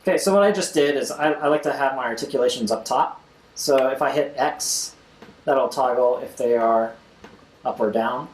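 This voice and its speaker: A man's voice: medium pitch, moderate pace, echoey room, poor audio. A young man hosting a casual screen-recorded music tutorial, talking as he clicks and scatting drum rhythms aloud.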